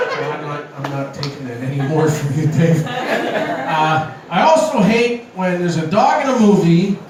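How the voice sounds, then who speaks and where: A high-voiced man rants through a stand-up set, worked up and swearing freely. He sounds far from the mic in a very echoey room, with steady noise behind him. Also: a little slow. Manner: worked-up, ranting, profane. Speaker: stand-up comedian. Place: comedy venue with audience. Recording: roomy, distant, noisy venue recording.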